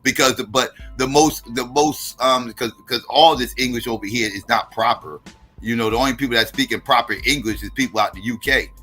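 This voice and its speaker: Host type: East Coast US man, bright forceful tone, blunt and profane, casual panel talk. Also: medium pitch, a little fast, faint music behind.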